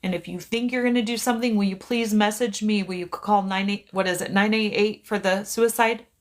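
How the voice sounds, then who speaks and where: A middle-aged woman speaks softly and earnestly into her phone during a live stream, her voice gentle and pleading. She sounds reassuring and steady, at an everyday pitch, as she talks to someone we never hear. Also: fairly quick. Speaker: psychic medium live-streaming. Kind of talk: live stream, one side of a conversation.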